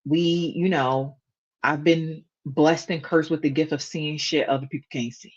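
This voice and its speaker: A woman's voice: low-pitched, fairly even intonation, moderate pace, husky, dull audio. A woman hosting a casual reaction video, blunt and sarcastic in her commentary.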